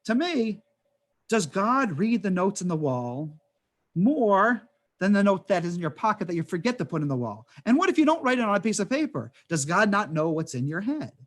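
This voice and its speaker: A man with a fairly high voice teaches an adult class as a rabbi, speaking over a video call. He talks conversationally, telling anecdotes and stacking up rhetorical questions. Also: normal speed. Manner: animated storytelling with rhetorical questions and asides.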